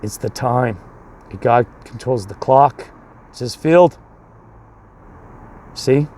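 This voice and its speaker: Speaking slowly in a mid-range, somewhat mellow voice, a man who coaches youth baseball spins a long, rambling story. He restarts and repeats a lot and impersonates the people involved before shifting into sermon mode.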